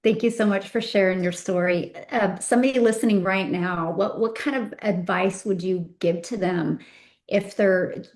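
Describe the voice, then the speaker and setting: A woman hosts a webinar and speaks over a video call. She thanks her guest, then asks gentle, halting follow-up questions. Her voice has a middle pitch. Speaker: webinar host. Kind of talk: interview questions.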